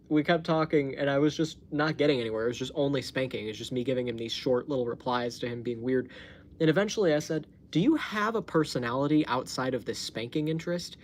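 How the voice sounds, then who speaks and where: A man's voice: mid-range voice, fast, slight background noise. A man hosting his own live stream, chatting casually and telling a story, laughing often and swearing freely, recorded on a phone at home. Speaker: livestream host.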